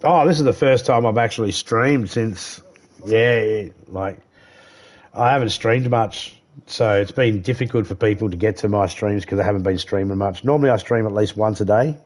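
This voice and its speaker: A man's voice: on the low side, moderate pace, darkish tone. An Australian man chatting casually while streaming a game live, rambling easily and greeting viewers by name.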